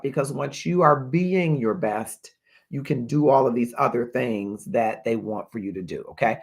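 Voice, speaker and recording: On his live advice stream, this man talks in a medium-pitched voice that's creaky and a bit bright. He hammers home key points through repetition and reads out comments, thanking each viewer by name.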